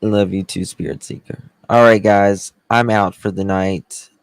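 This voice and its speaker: Slow, drawling man chatting to viewers. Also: fairly low pitch, fairly even intonation, smooth, no echo. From Southern US. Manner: chatty, warmly thanks viewers by name. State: tired. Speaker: livestream host. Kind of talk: casual livestream chat with viewers.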